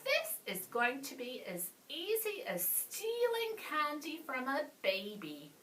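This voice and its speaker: A woman's voice: medium pitch, lively intonation, slow pace, pushed and bright, far from the mic, slight background noise. A woman voicing a smelly, boastful male cowboy bandit with a folksy drawl, reading a storybook aloud. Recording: echoey room, voice off-mic.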